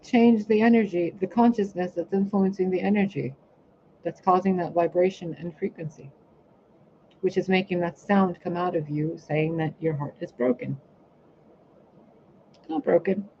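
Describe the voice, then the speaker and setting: A woman's voice: lowish voice, moderate pace, pauses often, dull audio, slight background noise. A woman, a spiritual reader and healer, ranting bluntly and profanely on her own live stream. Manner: blunt, profane, animated, acts out other people's lines. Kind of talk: casual live-stream rant.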